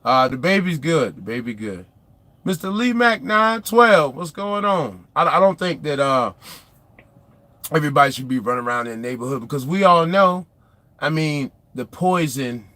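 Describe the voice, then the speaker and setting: A man's voice: fairly high pitch, lively intonation, moderate pace, bright, forceful tone, no echo. A young man, a trucker vlogger, chats casually from inside his truck cab, answering viewer comments in a rambling, opinionated way and sometimes losing his train of thought.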